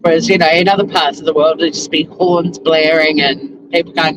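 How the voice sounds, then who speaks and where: A rambling, chatty Australian woman talks to her viewers from behind the wheel, laughing as she goes. Clear road and engine noise from the moving car sits under her voice. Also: low-pitched, steady tone, normal speed. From Tasmania, Australia. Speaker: vlogger. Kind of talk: casual chat while driving.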